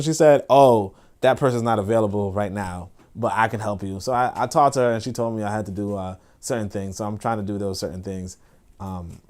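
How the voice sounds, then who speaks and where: A man's voice: medium pitch, a little mellow. Slangy rambling man hosting a livestream. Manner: rambling, slangy, many fillers and laughs. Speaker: host. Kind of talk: casual livestream chat.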